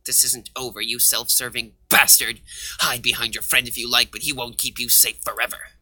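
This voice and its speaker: A man's voice: mid-range voice, level tone, normal speed, bright, forceful tone, no echo, pitched below the performer's own voice, low-quality recording. A man voicing an angry young rogue who accuses and threatens the one who betrayed him.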